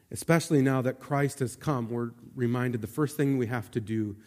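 A man preaching a sermon as pastor, speaking earnestly and conversationally, often dropping to a soft, low voice. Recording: long reverb of a large room.

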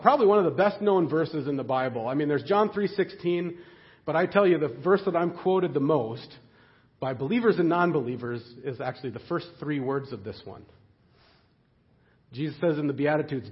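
Man preaching a casual sermon, animated and lively, muffled lo-fi recording. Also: on the high side. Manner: conversational, animated preaching with many fillers. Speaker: pastor.

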